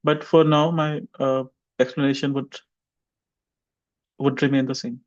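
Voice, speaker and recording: A man's voice: medium pitch, level tone, measured pace. A man teaching an English pronunciation class over a video call, modeling sentences and calling on students. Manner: models sentences with exaggerated intonation, calls on students. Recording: dull lo-fi online call audio.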